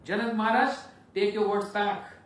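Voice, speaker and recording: A man's voice: high-pitched, steady tone, moderate pace, fairly bright tone, recorded from a distance, voice pushed up. A man voicing a hot-tempered young warrior prince who rebukes a king for his words. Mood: angry. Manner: indignant, commanding. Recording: echoey hall, voice from afar.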